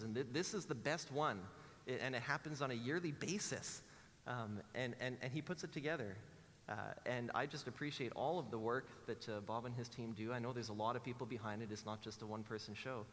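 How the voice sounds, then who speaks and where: A man's voice: medium pitch, fast talker, big-room sound, slight background noise. A Canadian man giving a conference talk, self-deprecating and joking as he speaks to the audience. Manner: self-deprecating, joking, animated quoted voices. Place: large lecture hall.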